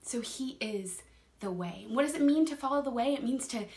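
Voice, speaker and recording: A woman's voice: high-pitched, expressive, moderate pace, darkish tone. A young woman teaching a Bible study in a casual, earnest way, laughing often and repeating words as she talks.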